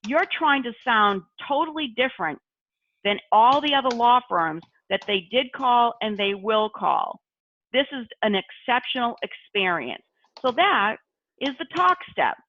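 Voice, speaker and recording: A woman's voice: on the high side, no echo. A woman training call intake staff on a video call, instructive and repeating key phrases. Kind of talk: online training session. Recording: tinny video-call audio, dry.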